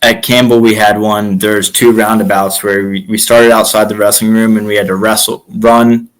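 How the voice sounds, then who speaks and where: Guest: young adult male, former college wrestler, lowish voice, lively anecdotes with acted quotes. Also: moderate pace, clean tone, low-quality recording. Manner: animated, acts out quotes in stories. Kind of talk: casual storytelling.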